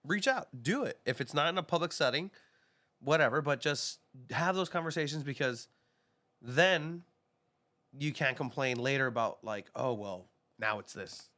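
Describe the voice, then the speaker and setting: Podcast co-host, male, bright voice, pushy and animated. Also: on the high side, moderate pace. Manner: animated, urging, repeats himself. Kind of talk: casual podcast chat.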